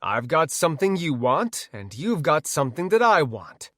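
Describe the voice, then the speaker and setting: A man voicing a cocky young male gamer hero in an audiobook, loud and joking. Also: a little high, very animated, normal speed, no room sound, studio quality, pitched above the performer's own voice.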